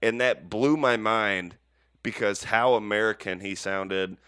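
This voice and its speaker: A man's voice: lowish voice, unhurried, a bit bright, smooth, no room sound, clean studio sound. A man in his forties chatting casually as a podcast co-host, rambling and swearing freely. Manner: rambling, heavy swearing, laughs easily. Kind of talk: casual chat.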